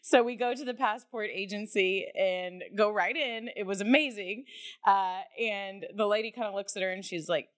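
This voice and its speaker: A woman co-hosting a podcast, telling a story in a loose, animated way, laughing often and swearing casually. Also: mid-range voice, moderate pace. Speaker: podcast co-host.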